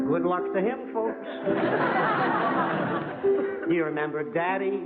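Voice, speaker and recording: A man's voice: a little high, slow pace, long pauses, loud music behind the voice, a loud crowd. A man performing a punchy, wisecracking stand-up monologue as a guest comedian on a variety show. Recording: lo-fi 1960s TV broadcast in a hall. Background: studio audience laughter and band.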